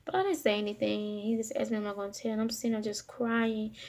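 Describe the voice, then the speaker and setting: A woman with a somewhat high voice and a lot of gravelly fry tells a personal story straight to camera. She talks haltingly, filling pauses and restarting her sentences. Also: little pitch movement, a little mellow. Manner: halting, with frequent fillers and restarts. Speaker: vlogger.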